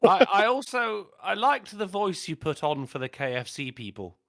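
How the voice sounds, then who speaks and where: A man's voice: high voice, sing-song, moderate pace, fairly bright tone, no room sound, studio quality. A man in casual chat making wry, teasing remarks.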